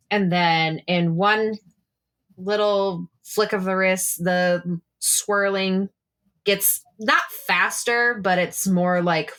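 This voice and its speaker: Bright, rambling woman player. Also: on the low side. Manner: rambling, profane, laughing often. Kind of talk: casual tabletop role-play narration.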